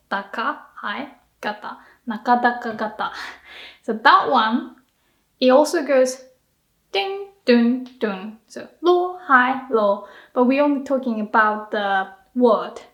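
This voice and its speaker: A woman teaching a casual video lesson, playfully demonstrating pitch by drawing out syllables. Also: takes it slowly, fairly bright tone, echoey room. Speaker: Japanese teacher.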